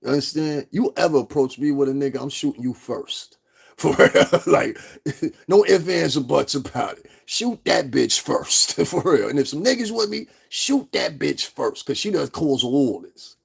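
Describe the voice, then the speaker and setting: Brief: profane, confrontational livestream host, gravelly and husky, laughs a lot. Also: male voice, a little high, animated, moderate pace. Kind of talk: casual livestream rant.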